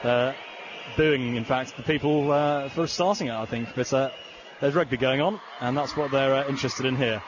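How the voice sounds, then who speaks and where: A man giving play-by-play rugby commentary, calm in lulls and rising to excited shouting when the play breaks open. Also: medium pitch, normal speed, lo-fi sound. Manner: rises to excited shouting on big plays. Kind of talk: sports commentary. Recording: broadcast with stadium noise behind.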